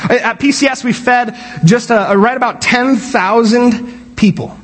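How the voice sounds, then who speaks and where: A man preaching a sermon from a church stage, animated and joking, often restarting his sentences. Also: extremely high pitch, unhurried, big-room sound. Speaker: pastor. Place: church sanctuary.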